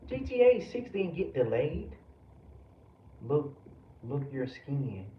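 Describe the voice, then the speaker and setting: On a livestream, a man from the US angrily rants at his chat, swearing as he goes, in a very animated voice on the high side that takes its time. Background noise runs through the roomy, distant, dull lo-fi recording.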